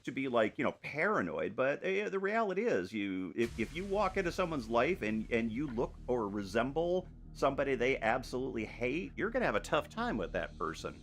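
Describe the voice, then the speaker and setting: A man's voice: medium pitch, big pitch swings, a little fast, hardly any pauses. A man chatting casually with viewers while he paints live, rambling and self-deprecating, with many restarts and laughs. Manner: talks to viewers as he works. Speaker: artist streaming a live painting session.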